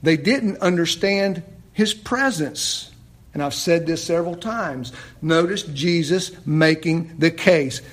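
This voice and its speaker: A man preaching a sermon, building to near-shouts and then dropping low and quiet. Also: takes it slowly. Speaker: pastor.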